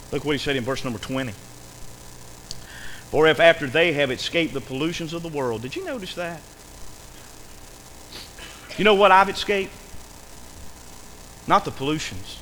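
A man preaching a sermon in a church, emphatic and repetitive, dropping to a hush and then rising again. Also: on the high side, long reverb tail, slight background noise, low-quality recording. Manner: emphatic, repetitive, swings between loud and hushed.

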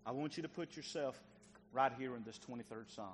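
A man's voice: mid-range voice, fairly quick. A man preaching a sermon as pastor, speaking folksily and directly to his congregation, asking them questions as he leads them. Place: church sanctuary. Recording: long church reverb, faint noise.

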